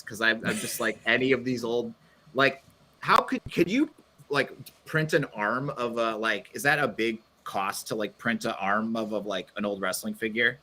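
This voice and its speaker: A man hosting a casual podcast chat about toys and wrestling, excitable and rambling, often laughing. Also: on the low side, normal speed. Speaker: podcast host.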